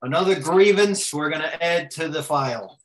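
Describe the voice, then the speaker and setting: A man's voice: fairly high pitch, moderate pace, crowd noise, lightly acted. A man playing a brash, rambling tough-guy co-host with a mobster swagger. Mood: boastful. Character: brash rambling male mob-style co-host. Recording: roomy echo.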